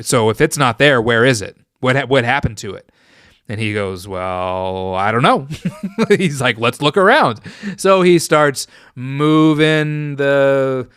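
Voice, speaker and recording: A man's voice: mid-range voice, a bit bright, clear, resonant tone, dry recording, clean studio sound. A man hosting his own podcast, telling a personal story in a casual, rambling and profane way. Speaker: podcast host.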